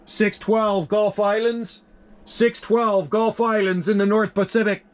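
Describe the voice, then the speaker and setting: A man working a CB radio, calling out call signs in a relaxed, friendly way. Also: high-pitched, slow pace. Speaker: CB radio operator. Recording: loud radio static hiss.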